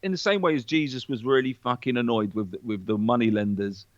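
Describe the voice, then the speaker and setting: A man, a podcast guest in casual chat, talking in an animated, preachy way with plenty of swearing. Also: mid-range voice, fairly quick, no echo, highs cut off.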